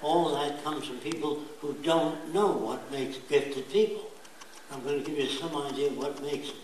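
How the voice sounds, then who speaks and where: An older man giving a blunt, emphatic lecture, now and then mimicking accents in quick asides. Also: on the high side, fairly even intonation, darkish tone. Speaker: speaker giving a talk. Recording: very echoey room, voice from far off, faint hiss.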